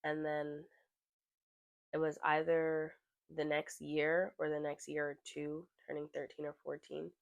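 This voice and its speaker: A young adult podcast host telling a personal story candidly, swearing freely and growing animated when retelling scenes. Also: mid-range voice, unhurried, creaky, dry recording, lo-fi sound.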